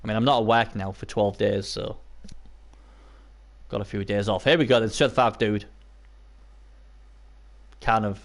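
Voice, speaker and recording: A man casting a video game match live, hoarse and losing his voice, chatting to viewers and breaking into excited yelps. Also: a little slow, long pauses. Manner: excitable, bursts into high yelps and cheers; chatty, talks to viewers and chat by name. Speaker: live stream commentator. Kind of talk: casual video game commentary.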